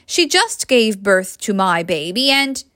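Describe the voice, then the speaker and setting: A woman voicing a smug, charming young British man with a smooth, taunting manner. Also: mid-range voice, big pitch swings, slow, pushed and bright, no room sound, studio quality, exaggerated voice.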